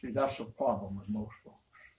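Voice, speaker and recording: A man's voice: lowish voice, moderate pace. An older man, a pastor, preaching a storytelling sermon in a folksy, rambling, emphatic way. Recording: roomy, distant, faint noise.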